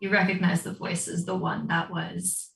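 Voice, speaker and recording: A woman's voice: fairly low pitch, flat delivery, moderate pace, creaky, a bit bright, echoey room, recorded from a distance, rough recording. A woman running a tabletop game as game master, describing scenes in a chatty, filler-laden way.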